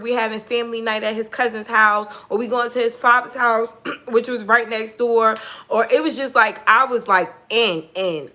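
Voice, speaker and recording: A young woman hosting a casual storytime vlog, talking candidly and with plenty of swearing, acting out the lines of the people in her story. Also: a little high. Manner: candid, profane, animated, acts out quoted dialogue. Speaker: tarot channel host.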